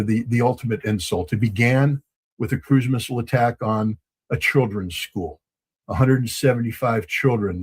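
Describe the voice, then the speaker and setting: A man giving measured political commentary in a formal, grave, emphatic way, with some filler ums. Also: fairly low pitch, a little mellow, husky.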